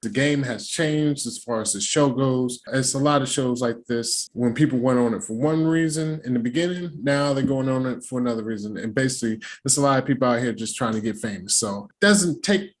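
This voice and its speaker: A middle-aged man hosting a casual show recap, talking in slangy, animated asides and jokes. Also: mid-range voice, a little fast, few pauses. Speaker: recap host.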